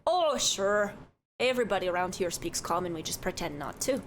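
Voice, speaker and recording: A woman's voice: fairly low pitch, expressive, a little fast, slight background noise, voice pushed down. A woman voicing a chatty middle-aged male bartender with a folksy, rambling manner. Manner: folksy, rambling, keeps saying "don't you know".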